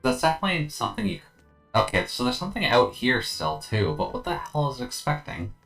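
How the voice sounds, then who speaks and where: A woman's voice: a bass voice, very animated, a little fast, creaky, fairly bright tone, faint music behind. A woman streaming a video game, musing wryly over the story. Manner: wry, musing, trailing off. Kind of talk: casual game commentary.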